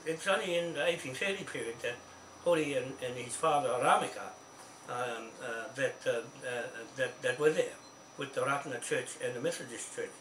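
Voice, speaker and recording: A man's voice: mid-range voice, a bit bright, recorded from a distance. A New Zealand man holds forth in a rambling, insistent way, stumbling over restarts and repeating himself. He speaks from some way off the mic, and the recording sounds echoey with a faint hiss behind him. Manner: insistent, keeps asking "see?". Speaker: speaker on a phone call. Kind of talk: rambling phone chat.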